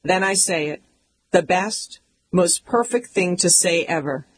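Low-voiced woman narrating a comic memoir. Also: measured pace, slight background noise, low-quality recording. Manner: emphatic, mock-indignant. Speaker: audiobook narrator.

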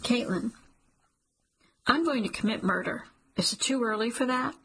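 A woman voicing a fed-up, snarky young female coworker who talks in quick, exasperated bursts. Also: a little high, fairly bright tone, husky, exaggerated voice.

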